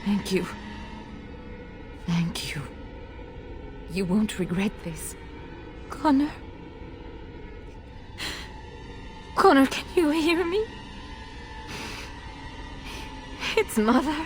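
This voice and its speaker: A woman's voice: fairly high pitch, very animated, slow pace, pauses often, soft background music. An actress voicing a noble mother desperate to save her son, emotional and pleading, in a video game. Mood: tender.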